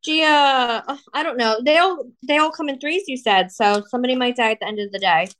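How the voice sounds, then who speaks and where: A woman with a high voice, chatting casually as a podcast co-host. She is blunt and expressive, with a self-mocking streak. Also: a little fast. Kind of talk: casual chat.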